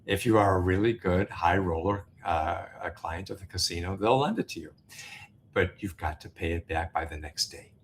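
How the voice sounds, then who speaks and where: Low-pitched guy telling a story in an interview, lots of uh's and restarts, faint hum behind. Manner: halting, many fillers and restarts; animated, laughing storyteller. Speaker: interview guest, business founder. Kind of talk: casual anecdotal storytelling.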